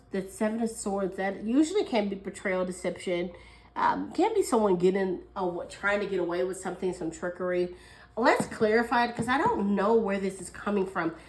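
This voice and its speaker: A woman's voice: mid-range voice, low-quality recording. A woman giving a casual tarot reading, chatty and thinking aloud, with fillers and frequent small laughs. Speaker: tarot reader.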